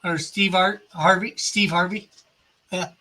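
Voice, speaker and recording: A man's voice: high voice, fairly even intonation, measured pace, pushed and bright. A man streaming live as he draws a comic, chatting casually and reading out viewer comments. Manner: chatty, reads out viewer comments and chuckles often. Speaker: comic artist streaming while drawing. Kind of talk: casual livestream chat.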